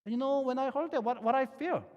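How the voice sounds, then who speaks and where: A man's voice: extremely high pitch, fast, a little mellow, long reverb tail, muffled recording. A middle-aged man, a pastor, preaching conversationally and asking the listeners many questions. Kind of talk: sermon.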